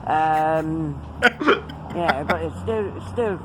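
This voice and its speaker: A man's voice: a little high, drawn-out words, background noise. An American man putting on a wavering Irish accent, rambling hesitantly.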